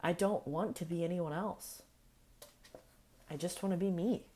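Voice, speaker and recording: A young woman talking casually and earnestly to camera, meandering through thoughts with fillers and soft laughs, in an affirming, spiritual way. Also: fairly low pitch, measured pace. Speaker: vlogger. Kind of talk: casual reflective monologue.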